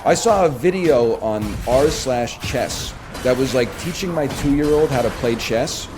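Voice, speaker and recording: A man chatting casually on a stream, telling long rambling stories in a lively, joking way. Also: medium pitch, a little slow, noisy background. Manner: rambling, animated, jokey storyteller. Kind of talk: casual storytelling chat.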